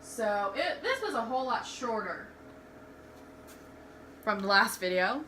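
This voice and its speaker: In a casual storytelling vlog from home, a young woman candidly rambles and restarts her sentences often. Her voice is on the high side with big pitch swings, a little slow and sharp in tone. A little hiss or hum is audible.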